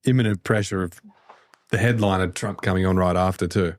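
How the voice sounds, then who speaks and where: Male podcast host, lowish voice, relaxed and encouraging, dry close mic. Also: brisk, no room sound. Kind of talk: casual interview chat.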